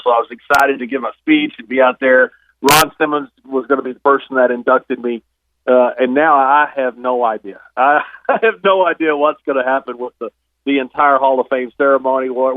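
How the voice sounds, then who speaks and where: A man in his fifties telling stories as a guest on a phone interview, relaxed and chuckling now and then. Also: medium pitch. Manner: relaxed storyteller, chuckles often. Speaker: guest, retired pro wrestler. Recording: dry tinny phone line.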